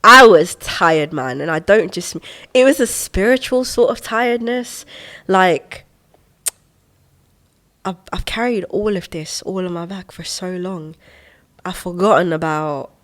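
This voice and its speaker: Woman, twenties, slightly low-pitched, animated, laughs a lot, reflective podcast guest. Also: a little slow. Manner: expressive, animated, laughs often, quotes her own inner voice. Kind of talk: reflective conversational storytelling.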